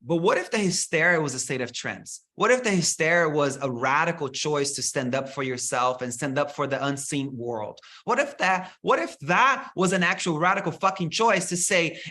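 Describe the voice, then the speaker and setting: A man leading a spiritual workshop in an expressive, casual way, swearing freely and slipping into mocking voices. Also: fairly high pitch. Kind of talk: animated spiritual talk.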